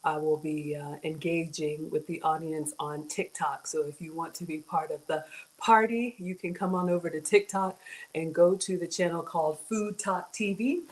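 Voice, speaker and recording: A woman's voice: low voice, fairly even intonation, moderate pace, low-quality recording. A middle-aged woman hosting a casual cooking livestream, chatty and greeting viewers by name. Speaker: cooking show host.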